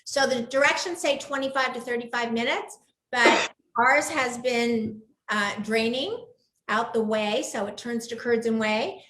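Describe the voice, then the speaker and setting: A woman's voice: fairly high pitch, unhurried, fairly bright tone. A woman hosting a live cooking show from her home kitchen, chatting with enthusiasm and gushing over the food. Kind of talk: live cooking demo chat. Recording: echoey room.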